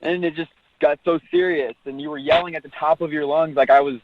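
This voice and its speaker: A man's voice: a little high, fairly even intonation, brisk, phone-quality sound, slight background noise. A man on the phone to a radio show, defending himself with a joking manner. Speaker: caller.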